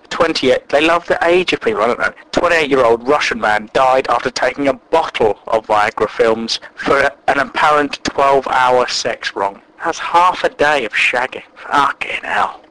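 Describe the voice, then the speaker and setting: A man's voice: mid-range voice, low-quality recording. A man hosting a casual solo show, jokey and crude, laughing at his own remarks. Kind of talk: casual solo chat, reading aloud. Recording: music playing loud behind.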